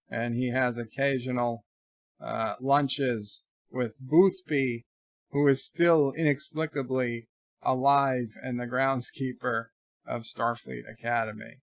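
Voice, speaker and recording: A man's voice: mid-range voice, dry recording, studio quality. A man hosting a casual live stream, reading viewer letters aloud and riffing on them with jokes, in a rambling way. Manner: rambling, reads letters aloud and riffs jokingly. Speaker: livestream host answering viewer letters. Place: home room.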